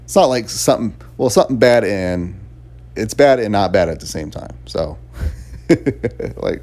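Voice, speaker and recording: A man with a deep, low-pitched voice talks through a game review in a loose, chatty way. He rambles, circles back on his points and laughs between thoughts. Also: animated, measured pace, darkish tone. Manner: rambling and chatty, laughs often, fillers and restarts. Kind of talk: casual spoken game review.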